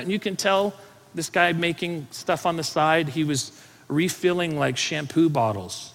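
Animated preaching man in reverberant hall. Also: a little high, normal speed, creaky. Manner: conversational, animated storytelling with laughs. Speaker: pastor. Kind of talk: sermon with storytelling.

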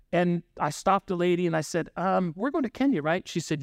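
A pastor with a high voice, recorded close and dry with no room sound. He preaches in an easy, chatty way and drops in "right?" to keep listeners with him. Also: animated, a little fast, vocal fry, few pauses, dry recording. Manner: conversational, frequent "right?" asides, acts out dialogue. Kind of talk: sermon with storytelling.

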